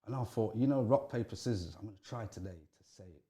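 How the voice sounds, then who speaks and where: Man, middle-aged, interview guest, warm dark tone, animated storytelling, stumbles and restarts. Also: quick pace. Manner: animated, rising pitch when excited, frequent restarts.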